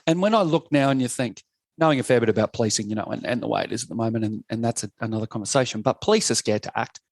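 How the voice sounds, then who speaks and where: A man in his fifties with an Australian accent, a podcast guest telling blunt, animated stories and swearing freely. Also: medium pitch, rapid-fire, dry recording. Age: 50s. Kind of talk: casual podcast chat.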